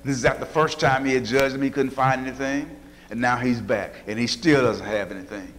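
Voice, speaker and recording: A man preaches a sermon and retells Bible stories in a homey, folksy way. His voice sits at a medium pitch, and he slips into different voices for the people he describes. The sound rings with a long reverb, as in a large church hall. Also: steady tone, fairly quick, a bit bright. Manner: folksy storytelling, acting out Bible figures in varied voices.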